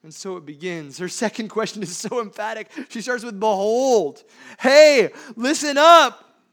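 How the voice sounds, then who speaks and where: A man with a high voice, preaching a sermon. He leans on rhetorical questions and lurches from loud stresses to hushed, quiet asides. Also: normal speed. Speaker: pastor.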